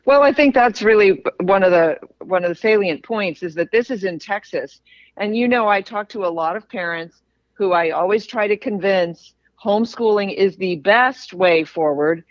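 A woman's voice: mid-range voice, moderate pace, dry recording. A woman, an education advocate and podcast guest, arguing emphatically with rhetorical questions. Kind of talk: opinionated interview answer. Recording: dry, dull remote audio.

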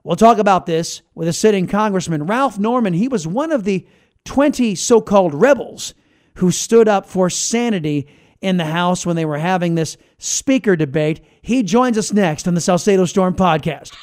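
A man's voice: sits high, expressive, moderate pace, a little mellow. A man hosting a political podcast, talking in a combative, sarcastic, emphatic way. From United States. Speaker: podcast host. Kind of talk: opinionated political talk.

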